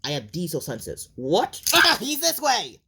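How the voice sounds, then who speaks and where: A woman voicing an eager, scheming young male tank engine in a fan cartoon, with excitable shrieky cries. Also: lowish voice, unhurried, vocal fry, husky, heavily acted.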